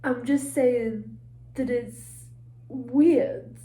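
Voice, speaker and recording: A woman's voice: a little high, extremely slow, dark tone. A young woman with a British accent vlogging from a resort hotel room, rambling and self-mocking, sounding congested. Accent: British English. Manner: chatty, self-mocking, swears casually. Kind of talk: casual rambling vlog talk. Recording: echoey room with faint ambience.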